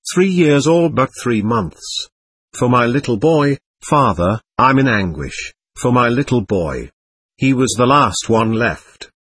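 A man voicing a thin, worn peasant mother who laments her dead son in a slow sing-song, within an audiobook reading. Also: medium pitch, a bit bright, husky, no room sound.

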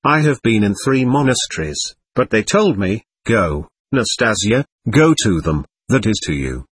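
A man voicing a thin, worn peasant mother who laments her dead son in a slow sing-song, within an audiobook reading. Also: lowish voice, sing-song, breathy edge, no echo, heavily acted. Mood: grieving.

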